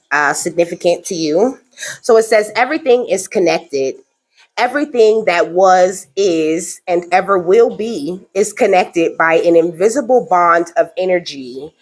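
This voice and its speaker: A woman giving a casual spiritual reading to her viewers, animated and slangy, laughing often. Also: lowish voice. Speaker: spiritual card reader.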